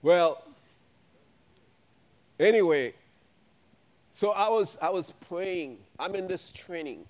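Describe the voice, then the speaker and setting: A man's voice: high voice, lively intonation, slow, pauses often, a little mellow. A pastor preaching a sermon, emphatic and repetitive, his voice rising in exclamations. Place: church sanctuary.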